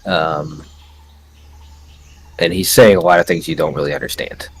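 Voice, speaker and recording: Low gravelly man at a tabletop game. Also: fairly even intonation, moderate pace. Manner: casual, with fillers. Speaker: player. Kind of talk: describing his character in a tabletop game.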